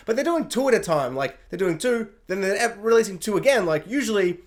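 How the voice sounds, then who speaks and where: Animated rambling TV reviewer. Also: mid-range voice, fairly quick, few pauses. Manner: rambling, animated, lots of fillers and acted-out quotes. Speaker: TV show reviewer. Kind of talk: casual spoiler review vlog.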